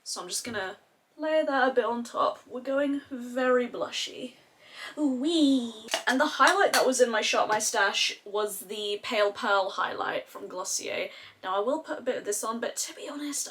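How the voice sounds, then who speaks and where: A woman's voice: fairly high pitch, expressive, moderate pace, a bit bright, a little hiss or hum. A young Australian woman chatting casually and animatedly through a makeup tutorial, with slangy, sweary asides. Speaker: beauty vlogger.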